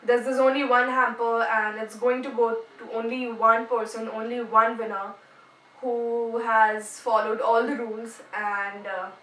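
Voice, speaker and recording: Indian woman vlogger with a high voice, casual and playful, recorded roomy and off-mic. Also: level tone, unhurried, a bit bright. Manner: chatty and playful, mixing in Hindi words. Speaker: YouTuber announcing a giveaway winner. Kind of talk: casual vlog talk to camera. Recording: echoey room, camera at a distance.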